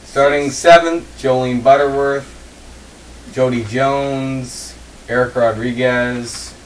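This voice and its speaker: A man's voice: medium pitch, takes it slowly. A man hosting and commentating an online sim race, reading the starting grid and bantering with his co-commentators. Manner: reads grid lines in a steady list, joking banter. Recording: distant mic with faint room noise.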